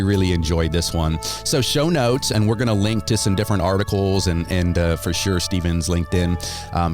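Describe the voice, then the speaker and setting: Chatty American man hosting a podcast. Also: low-pitched. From United States. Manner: chatty, laughs often, many fillers and restarts. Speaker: podcast host. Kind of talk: casual podcast chat.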